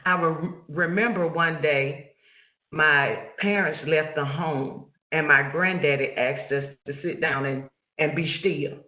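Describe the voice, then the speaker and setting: A man slowly and reflectively telling a personal childhood story during a webinar, heard over a video call. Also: on the high side, fairly even intonation. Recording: echoey, phone-like call audio.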